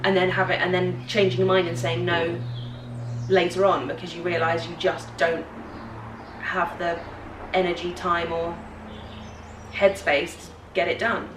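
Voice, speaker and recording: Young woman, low voice, reflective chat. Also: little pitch movement, a little slow. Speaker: co-host. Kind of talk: casual morning chat. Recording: roomy, distant mic, faint hiss.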